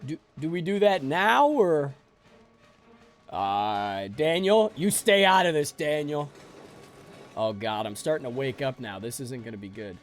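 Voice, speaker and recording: A man's voice: on the high side, big pitch swings, measured pace, faint music behind. A man streaming a game live, joking and rambling sleepily with his chat.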